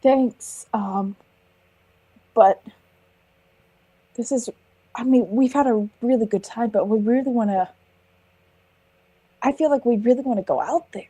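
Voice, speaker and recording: A woman speaking up as a player in a tabletop game, loud and excited. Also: on the high side, normal speed, long pauses, slightly rough. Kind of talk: playing a character in a tabletop game.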